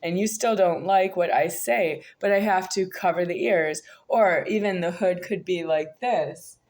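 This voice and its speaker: An American woman talking to her viewers in a rambling, halting monologue full of hesitations. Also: on the low side, darkish tone. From United States. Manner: halting, disjointed, many hesitations. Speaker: vlogger.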